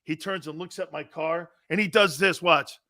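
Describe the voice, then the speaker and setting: A man hosting a sports talk show, telling jokey stories in an animated, casual way. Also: on the high side, moderate pace, dry recording, studio quality. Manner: animated, joking storyteller. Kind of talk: casual sports radio chat.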